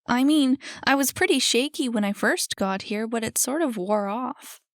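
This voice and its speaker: A woman voicing a young goblin woman who is new to the place, bewildered but eager, quick to defend herself. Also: a little high, no room sound, studio quality, voice pushed up, lightly acted. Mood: earnest.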